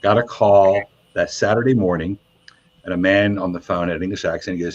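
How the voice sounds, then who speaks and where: Veteran radio DJ guest, low husky voice, animated raconteur, slightly dull lo-fi sound. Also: male voice, fairly quick. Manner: animated storyteller, voices quotes with high pitch jumps. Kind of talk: casual storytelling interview. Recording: muffled lo-fi sound.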